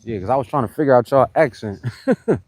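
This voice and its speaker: Expressive and quick, this man's mid-range, darkish voice comes through a dry recording. He's rambling casually to viewers on a live fitness stream, greeting commenters between sets and constantly saying "you know what I'm saying."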